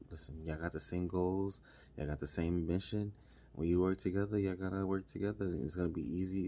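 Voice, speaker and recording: A man's voice: low-pitched, darkish tone. A man talking casually and repetitively, encouraging listeners to work as a team. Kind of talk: motivational monologue.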